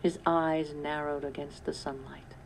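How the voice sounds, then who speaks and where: Low-voiced woman reading a story. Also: creaky, slight background noise, low-quality recording. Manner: calm, measured storytelling. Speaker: storybook reader. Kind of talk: scripted narration.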